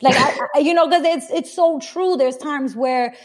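A young woman hosting a casual chat, animated and acting out her own inner voices. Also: high-pitched, moderate pace. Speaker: podcast host.

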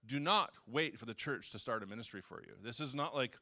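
A man's voice: medium pitch, a little fast, few pauses. A man in his sixties preaching a sermon in a church, talking casually and acting out little dialogues. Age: 60s. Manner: animated, conversational preaching with acted-out dialogue. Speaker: pastor. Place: church hall.

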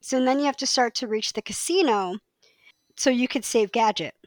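A woman's voice: fairly high pitch, normal speed, dry recording. A woman co-hosting a podcast in casual chat, enthusiastic and chatty, often restarting her sentences. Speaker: podcast co-host.

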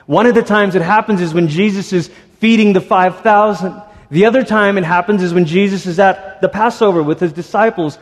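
A man preaching a sermon in a church, talking in a conversational, animated storytelling way with quick asides. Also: high voice. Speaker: pastor. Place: church sanctuary. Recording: reverberant church hall.

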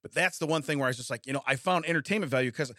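A man's voice: on the high side, rapid-fire, sharp tone, no echo, clean studio sound. A middle-aged man from the United States co-hosting a casual chat, rambling through stories with frequent laughs and restarts. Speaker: podcast co-host.

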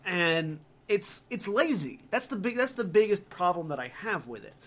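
Rambling podcast man, slightly high voice. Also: big pitch swings, normal speed, a bit bright. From Georgia, USA. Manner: rambling, many fillers and restarts. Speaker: podcast host. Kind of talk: casual podcast chat.

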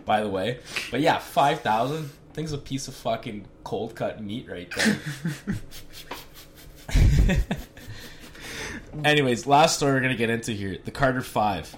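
A man's voice: medium pitch, expressive, a little slow, long pauses, slight background noise. A young man co-hosting a podcast, bantering in a crude, joking casual chat. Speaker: podcast co-host.

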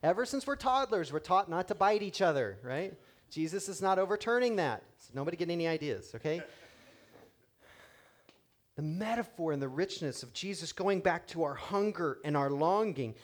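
A middle-aged man preaching a sermon as pastor, animated and joking, acting out quotes in different voices. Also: high voice, normal speed.

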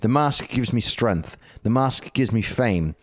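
A man's voice: mid-range voice, lively intonation, a little slow, no room sound. A British man co-hosting a casual podcast chat, joking and reading quotes aloud. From Britain. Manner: jokey, laughing, reads quotes aloud. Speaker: podcast co-host.

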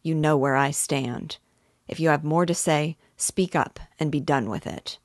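A woman's voice: low voice, measured pace, no room sound, studio quality. A woman reading the part of a stern male homesteader who speaks curtly and firmly. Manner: curt, firm. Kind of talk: reading a novel aloud.

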